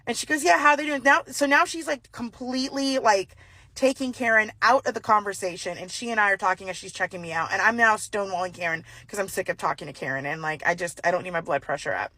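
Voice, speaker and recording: Woman storyteller, lively, acts out dialogue with big pitch jumps, dry close sound. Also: fast, dry recording. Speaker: storyteller recounting a personal encounter. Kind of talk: casual storytelling.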